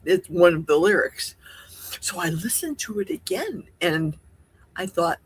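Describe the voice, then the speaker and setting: Chatty husky woman hosting a livestream. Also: fairly low pitch, unhurried. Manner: chatty, rambling, animated with gasps and laughs. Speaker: livestream host. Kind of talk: casual live Q&A chat. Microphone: livestream setup.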